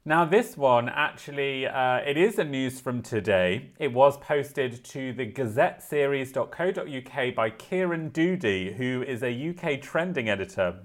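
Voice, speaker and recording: A young man co-hosts a podcast in easy conversation, reading news aloud and breaking off for wry, playful asides. His voice sits at an ordinary middle pitch for a man. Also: animated, a little slow, few pauses. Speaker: podcast co-host.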